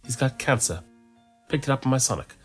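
Man reading as a confident doctor, steady and dry, lively storybook voice. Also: mid-range voice, fairly quick, faint music behind, voice pushed up, close to an everyday voice. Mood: assured. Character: confident male time-travelling doctor.

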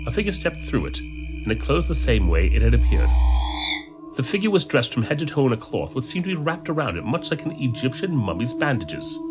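Expressive man narrating a story over music. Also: mid-range voice, brisk. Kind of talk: storybook reading. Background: background music.

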